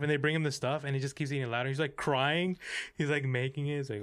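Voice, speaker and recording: A young man co-hosting a podcast, chatting casually about movies, animated and swearing, acting out scenes in quick bursts. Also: a little high, smooth, no room sound. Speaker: podcast co-host. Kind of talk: casual movie review chat.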